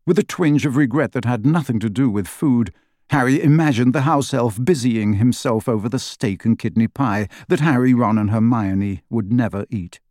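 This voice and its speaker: Brief: male audiobook narrator, measured and even, dry studio sound. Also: mid-range voice, no room sound. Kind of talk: scripted narration.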